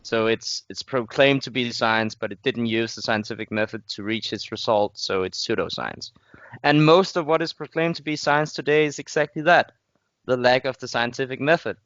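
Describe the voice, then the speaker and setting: Danish podcast host, smooth resonant voice, dry muffled sound, lectures through his reasoning. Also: medium pitch, moderate pace, a bit bright, dry recording. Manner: lecturing, builds arguments step by step. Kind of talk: casual conversation. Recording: muffled dull audio.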